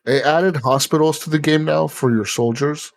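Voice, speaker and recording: A man's voice: on the high side, steady tone, moderate pace, gravelly. A man hosting a podcast in casual chat, rambling with lots of fillers and swearing. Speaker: podcast host.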